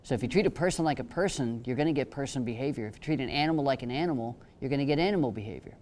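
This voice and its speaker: A man's voice: mid-range voice, lively intonation, rapid-fire, a little mellow, slight background noise. A man speaking on a panel, telling wry stories and cracking jokes about his work. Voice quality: joking, storytelling. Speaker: panelist, attorney. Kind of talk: humorous panel talk.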